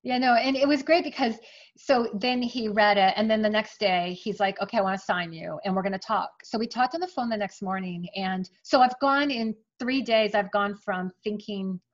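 A middle-aged woman talks about her writing in an animated, chatty way, full of asides and quoted dialogue. She sits in the middle of the usual pitch range for a woman. The audio sounds dull and lo-fi. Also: normal speed. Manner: chatty, animated, emotional at times. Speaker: author guest. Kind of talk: casual interview storytelling.

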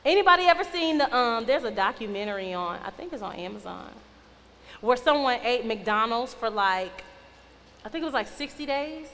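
A woman's voice: a little high, expressive, moderate pace, fairly bright tone. A young adult woman giving a casual youth sermon as a youth minister. She talks in a conversational, playful, teasing way. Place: church youth hall. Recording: long reverb, faint noise.

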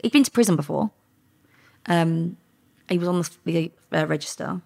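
Woman, ex undercover cop, really low husky voice with a gravelly edge, tells it animated like. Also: normal speed. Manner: animated storyteller, acts out quoted exchanges. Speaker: former undercover police officer, podcast guest. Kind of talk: casual storytelling interview.

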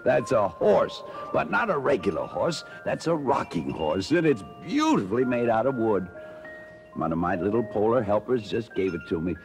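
A jolly old Santa Claus chuckles and coaxes children through a guessing game in a gravelly, slightly high voice that leaps all over its range. It sounds like an old mono children's LP, with music playing behind him. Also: male voice, sing-song, normal speed, a little mellow. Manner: hearty, chuckling, coaxing children. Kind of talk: 1950s children's record acting.

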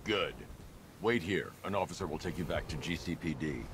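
A man's voice: rumbling low, moderate pace. An actor playing a grim, stoic male caped vigilante who speaks in terse, clipped commands. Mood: reassuring. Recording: game audio with background noise.

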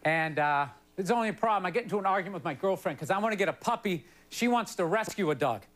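A man's voice: sits high, expressive, quick pace. A man doing a stand-up comedy set on a television studio stage, ranting in an exasperated, rambling way with lots of "you know" asides. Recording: broadcast stand-up with loud audience laughter and noise.

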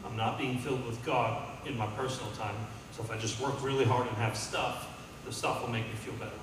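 A man's voice: medium pitch, fairly even intonation, brisk, noisy background. A man preaching a sermon as pastor, calling out to the congregation and building to emphatic peaks. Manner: call-and-response, rising to emphatic peaks. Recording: echoey hall from far off.

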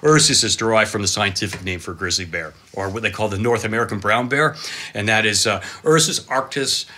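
A man in his fifties, a cameraman guest telling animated, excitable stories full of exclamations. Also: lowish voice, a little fast. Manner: excitable, dramatic storyteller with exclamations and laughs.

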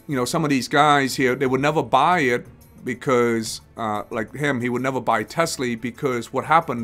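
A man's voice: medium pitch, fairly bright tone. A man hosting a live investing show in casual talk, rambling and often restarting his phrases as he acts out other people's words.

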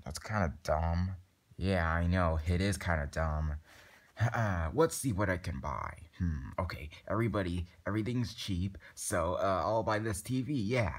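Young male performer, lowish voice, rambling improvised toy-skit delivery full of fillers and restarts. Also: unhurried. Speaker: plush toy video maker.

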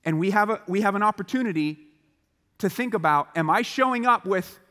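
A man giving a motivational chapel talk to students, animated and acting out the voices of the people in his stories. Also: high voice, brisk, big-room sound. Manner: animated, acts out quoted voices. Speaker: chapel speaker. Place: large school chapel hall.

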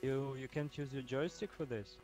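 A man with a mid-range voice trades dry, sarcastic remarks while gaming. His voice chat arrives with clear background noise and game sounds underneath. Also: medium pitch, moderate pace, darkish tone. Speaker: fellow player. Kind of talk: casual gaming chat over voice chat.

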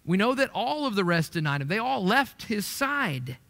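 A man's voice: sits high, big pitch swings, normal speed, vocal fry, a bit bright. A man preaching a sermon in a conversational way, lifting his voice to stress the verses he quotes. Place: church sanctuary. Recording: echoey church hall.

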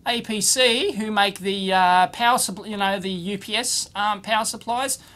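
A man's voice: sits high, normal speed, bright, forceful tone. A middle-aged man hosting an electronics video, unboxing viewer mail in casual commentary that is exclamatory, bluntly scornful and full of rambling asides.

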